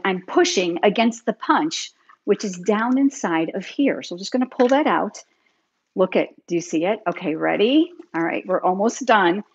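A woman's voice: medium pitch, breathy edge, dull audio. A middle-aged woman teaching card making on a live stream, chatty and upbeat, talking straight to her viewers. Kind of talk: live crafting tutorial. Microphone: demonstrating at a craft table, hands busy.

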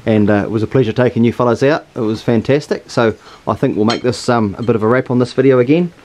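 A man's voice: mid-range voice, quick pace, darkish tone, a little hiss or hum. A man, a hunting guide and host, giving easygoing practical instructions and chatting outdoors. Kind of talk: casual outdoor instruction and wrap-up chat. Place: outdoors on a hillside.

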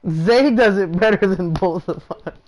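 A woman's voice: medium pitch, normal speed, a little mellow. A woman streaming a video game, chatting casually, laughing a lot and swearing freely. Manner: swearing, laughing, playful teasing. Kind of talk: casual gaming stream chat.

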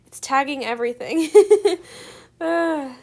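Young female student gamer, gushing and excitable; high-pitched with a gravelly fry. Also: slow pace. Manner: gushing, effusively grateful, giggly. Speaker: gaming video creator. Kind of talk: excited gameplay commentary.

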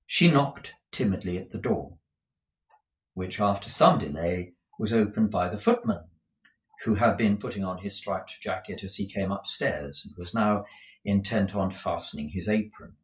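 A man reading a classic novel aloud, in a measured, expressive storytelling manner, with a few explanatory asides. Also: low-pitched. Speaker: narrator. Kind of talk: audiobook reading with commentary. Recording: roomy echo.

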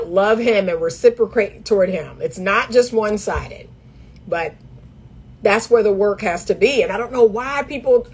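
A middle-aged woman, a dating coach, giving emphatic, sassy dating advice straight to camera, laughing often and mimicking others in a high voice. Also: slightly rough.

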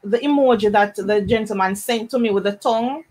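A woman's voice: mid-range voice, brisk, darkish tone, poor audio. A Jamaican woman, a guest on a live panel, earnestly telling a personal story and acting out the voices of the people in it. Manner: earnest storytelling, acts out quoted lines.

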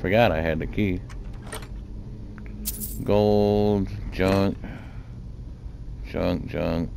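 Laid-back low-voiced gamer man. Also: fairly even intonation, very slow, vocal fry, warm tone, slight background noise. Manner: chatty, laid-back, thinking aloud. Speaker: gaming channel host. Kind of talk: casual gameplay commentary. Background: game music.

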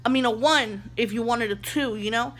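A young adult woman vlogger telling an animated storytime. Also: a little high, normal speed, slight background noise.

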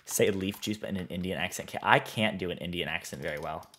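A man's voice: low voice, fast, a bit bright. A man streaming a building game, reading chat aloud and answering in a rambling, easygoing way. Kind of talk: casual live-stream chat while playing.

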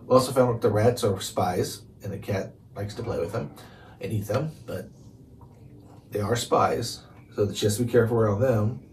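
A man's voice: lowish voice, normal speed, darkish tone. A man reading a chapter book aloud and chatting casually about the story in between. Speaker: reader. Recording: distant mic with faint noise.

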